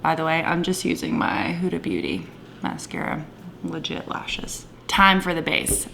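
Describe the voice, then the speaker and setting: A woman talking through her makeup in a casual, gushing vlog, with a playful put-on Southern twang and soft whispered asides. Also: sits low, big pitch swings, a little slow, gravelly, a little hiss or hum. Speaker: beauty vlogger. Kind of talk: casual makeup tutorial chat.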